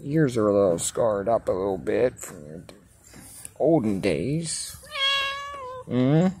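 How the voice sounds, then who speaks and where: A man in a casual video, talking to his outdoor cats and explaining their quirks. He speaks slowly and loosely, and his pitch swings a lot as he teases them. Faint outdoor noise runs underneath. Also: sing-song. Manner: laid-back, chatty, talks fondly and teasingly to the cats. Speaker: cat owner filming his outdoor cats. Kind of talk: casual vlog narration. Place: outdoors at home.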